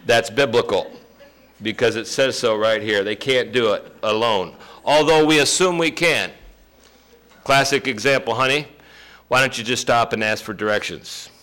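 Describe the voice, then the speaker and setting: A man preaching a sermon, joking with the congregation and breaking into loud emphasis. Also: mid-range voice, moderate pace. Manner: folksy, joking asides with sudden loud emphasis. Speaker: pastor.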